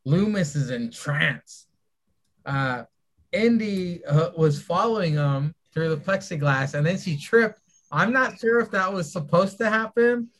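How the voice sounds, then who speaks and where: A man hosting a wrestling podcast, recapping match results step by step. His voice sits slightly high, and he speaks slowly. He pauses on small fillers before handing off to his co-hosts. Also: a bit bright. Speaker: podcast host. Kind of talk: recapping matches, casual chat.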